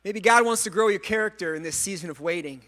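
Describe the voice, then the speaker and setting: A male pastor delivering a sermon in a high, bright, ringing voice. He speaks earnestly and with animation, often stumbling over repeated words. He drops in self-mocking jokes along the way. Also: fast talker. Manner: self-deprecating humor.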